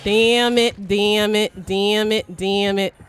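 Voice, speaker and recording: Excitable young woman streaming a game. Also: mid-range voice, slow, clean tone, faint music behind. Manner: excitable, swearing, shrieks when chased. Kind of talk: live gameplay commentary.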